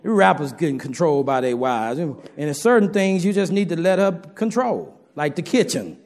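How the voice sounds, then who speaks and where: A man's voice: on the high side, animated, normal speed, a little mellow. A man preaching a sermon to his congregation in a folksy, humorous way, talking straight to the listeners.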